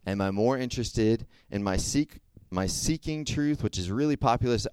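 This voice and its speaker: A man's voice: lowish voice, moderate pace, darkish tone, clear, resonant tone, dry recording. Casual young man preaching. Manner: conversational, checks in with frequent "okay?". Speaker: youth speaker. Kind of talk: casual sermon.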